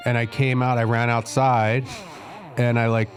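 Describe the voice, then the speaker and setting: A man co-hosting a podcast, telling absurd, escalating crude stories in a deadpan way. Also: medium pitch, a little slow, music in the background. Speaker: podcast co-host. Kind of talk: crude comedic banter.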